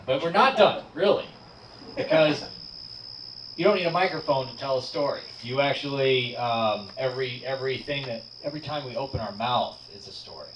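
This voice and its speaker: A man hosting a storytelling night in a bar, earnest and hesitant, with many pauses and restarts in his closing remarks. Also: medium pitch. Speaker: host. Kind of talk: closing remarks at a live event. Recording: echoey bar room, distant dull mic, noisy.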